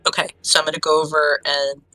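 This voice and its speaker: Woman, tabletop player, low voice, eager inquisitive questions. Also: level tone, quick pace, pushed and bright, poor audio. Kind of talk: casual tabletop play.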